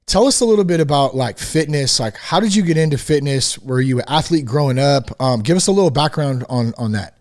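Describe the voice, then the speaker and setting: A man's voice: medium pitch, animated, a little fast, hardly any pauses. A man hosting a podcast, chatting casually and affirming his guest, relating it to his own story. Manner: affirming, frequent "yeah", relatable. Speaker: podcast host. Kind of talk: casual interview chat.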